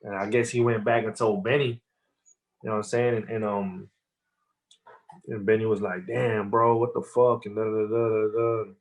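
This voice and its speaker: A man's voice: on the low side, level tone, normal speed, pauses often, darkish tone. A man guest on a podcast, telling a story loosely with lots of slang and fillers. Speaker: rapper guest. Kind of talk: casual interview storytelling.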